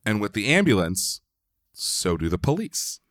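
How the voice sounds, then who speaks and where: A man's voice: lowish voice, very animated, unhurried, fairly bright tone, no room sound, clean studio sound. A man from Philadelphia, a podcast guest, telling a long story in a loose, chatty way, full of "like" and the odd swear word. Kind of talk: casual storytelling.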